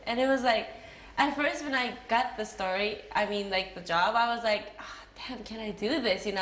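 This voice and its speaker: A fairly high, fairly bright voice belongs to a young woman with a Japanese accent, an actress being interviewed. She chats casually, with many fillers and giggles, and the recording carries echo and faint noise.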